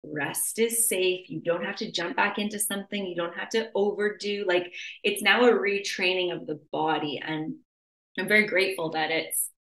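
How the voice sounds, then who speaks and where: A young adult woman talks through a casual podcast chat in a lowish voice. She's animated and leans on "like" constantly, acting out her inner voice. The room around her is echoey. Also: normal speed. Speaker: podcast host.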